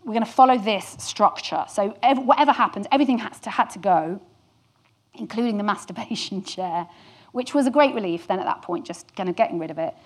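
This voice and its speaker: A woman's voice: medium pitch, expressive, a little fast. A woman candidly telling a work anecdote to an audience, with some swearing and self-deprecating humour. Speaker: storyteller guest.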